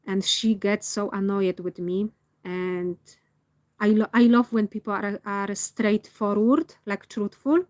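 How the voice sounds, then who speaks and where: Slow, hesitant woman talking candidly. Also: mid-range voice, fairly even intonation, darkish tone, no room sound. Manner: slow, hesitant, searching for words; earnest and candid. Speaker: vlogger. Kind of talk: personal reflective monologue.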